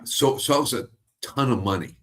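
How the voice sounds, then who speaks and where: A man's voice: mid-range voice, expressive, brisk. A man hosting a casual interview, reacting with eager enthusiasm and blunt, offhand swearing. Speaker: interview host.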